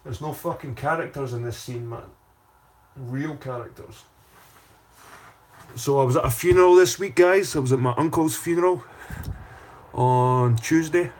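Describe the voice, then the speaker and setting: A man with a husky, slightly rough voice sits in the middle of the male pitch range. He hosts a casual livestream, swearing freely as he rambles and circles back over the same phrases. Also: a little slow, pauses often, a little mellow. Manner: profane, rambling, repeats phrases. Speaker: channel host.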